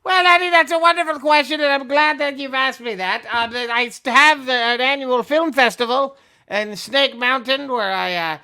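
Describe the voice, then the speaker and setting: A man's voice: extremely high pitch, moderate pace, bright, forceful tone, smooth, voice pushed up, heavily acted. A man voicing Skeletor, the evil skull-faced sorcerer, in a pompous, falsely gracious podcast bit. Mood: smug. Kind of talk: comedy podcast impression.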